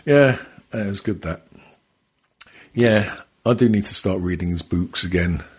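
A man's voice: deep voice, unhurried, a little mellow, breathy edge. A man co-hosting a podcast, chatting casually, swearing often, rambling and laughing a lot. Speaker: podcast co-host. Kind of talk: casual banter.

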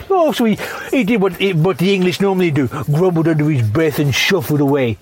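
High-pitched swearing Irish man, ranting. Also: animated, fairly quick, a little mellow, slight background noise. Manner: rambling, constantly swearing, tipsy. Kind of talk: profane comedic rant.

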